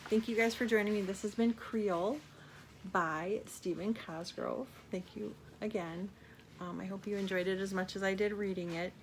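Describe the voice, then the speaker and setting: Gentle woman reading a picture book. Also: medium pitch, slight background noise. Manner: gentle, with asides to children. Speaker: storytime reader.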